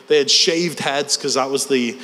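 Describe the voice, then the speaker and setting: Storytelling preacher in a reverberant hall. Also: male voice, medium pitch, normal speed, bright, forceful tone. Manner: conversational, anecdotal, self-deprecating. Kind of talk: sermon storytelling. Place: church hall. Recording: long church reverb.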